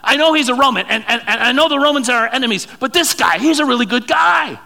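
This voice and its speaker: A man voicing a group of town elders who eagerly plead for a favor in an excited, rising voice. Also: very high voice, fast talker, vocal fry, pitched above the performer's own voice, full character voice.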